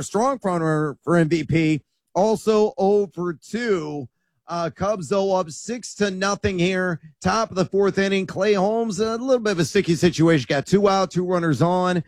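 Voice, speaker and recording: A man's voice: high voice, no echo. A man analyzing baseball as a studio sports analyst, rattling off stats with frequent fillers. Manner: rapid stat rundown with frequent "uh" fillers.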